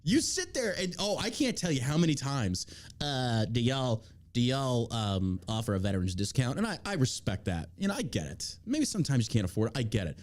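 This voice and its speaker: A man's voice: mid-range voice, big pitch swings, a little fast. A man hosting a podcast in casual chat, ranting in a heated, profane way from a small studio. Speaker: podcast host.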